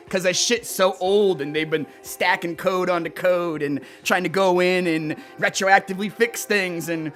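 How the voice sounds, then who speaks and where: A young man livestreams casually, rambling and swearing freely as he reacts to clips and reads chat. His voice is high-pitched and bright, with a forceful tone.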